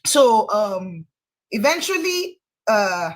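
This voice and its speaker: A woman's voice: mid-range voice, very animated, takes it slowly. A young woman with a Nigerian accent tells her own story as an interview guest. She talks animatedly and with emphasis, often restarting a phrase before pushing on.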